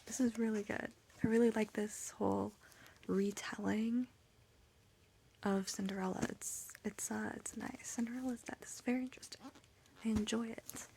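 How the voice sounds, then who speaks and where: A woman's voice: mid-range voice, fairly even intonation, normal speed, creaky, warm tone, a little hiss or hum. A tired woman chatting in a late-night reading vlog from home, giggling, rambling and often dropping to a whisper. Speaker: book vlogger.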